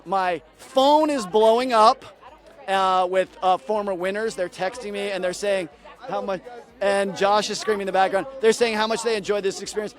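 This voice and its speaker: A male host with a high voice, jokey and rambling, teasing himself as he interviews live. He speaks outdoors on a backyard set. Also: fairly even intonation, moderate pace. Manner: jokey, rambling, self-deprecating.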